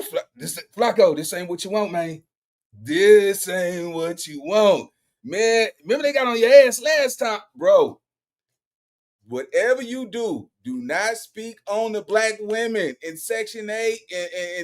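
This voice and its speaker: Reaction host: man, very high and bouncy voice, loud and teasing, slangy casual commentary. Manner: excitable, teasing, loud exclamations and laughter; repeats slangy tags like "boy" and "bro".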